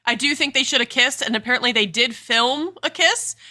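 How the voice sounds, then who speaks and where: A woman gives blunt, playful opinions about a film in a casual podcast chat. Her voice is bright and a bit high. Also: a little fast. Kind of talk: casual movie review chat.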